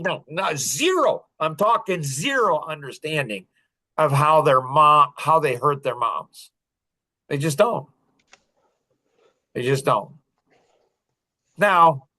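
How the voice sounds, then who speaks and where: This middle-aged man hosts a podcast and shares a personal story casually, sounding earnest and confessional with little laughs between phrases. His voice is a little high, pushed, and bright.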